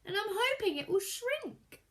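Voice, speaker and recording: A woman's voice: extremely high pitch, very animated, unhurried, a bit bright, voice pushed up, exaggerated voice. A woman voicing a curious young male elephant calf who asks eager, polite questions.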